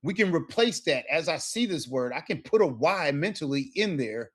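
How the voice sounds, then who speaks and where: A man's voice: on the high side, very animated, moderate pace, husky. Encouraging man teaching a Spanish class. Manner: encouraging, checks in with frequent "all right?". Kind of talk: live language lesson.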